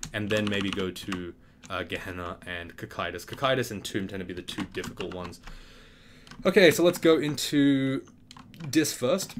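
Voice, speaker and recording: Young male gaming host, lowish voice, animated storyteller who swears and acts out scenes, keyboard clicks behind. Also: noisy background. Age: young adult. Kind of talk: casual storytelling and game commentary.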